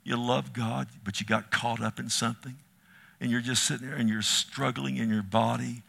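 An impassioned male preacher with a bright, forceful tone. He surges into loud, pleading climaxes, then falls back to soft, intimate asides. He speaks to his hearers tenderly as "loved one.". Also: medium pitch, flat delivery, normal speed, vocal fry. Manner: impassioned, rising to near shouts then dropping to hushed asides; addresses listeners as "loved one". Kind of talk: sermon.

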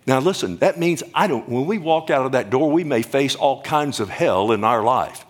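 An older male preacher delivering a sermon in a plain, folksy manner. His voice sits at a middle pitch, and he leans hard on key words while constantly checking in with his listeners. He talks as if to people seated in front of him in a church. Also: expressive, normal speed, hardly any pauses. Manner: folksy, emphatic, asks the audience questions. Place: church or stage before a congregation.

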